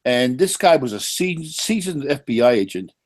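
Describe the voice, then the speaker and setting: Profane New man, animated. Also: medium pitch, normal speed. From New York. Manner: animated, profane, frequent restarts. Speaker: panelist. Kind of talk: casual chat.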